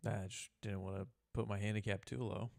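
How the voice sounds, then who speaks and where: A man's voice: fairly low pitch, level tone, a little fast, vocal fry, a little mellow, no echo. A man co-hosting a sports talk show, mostly dropping short reactions and dry quips. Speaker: co-host. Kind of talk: casual chat.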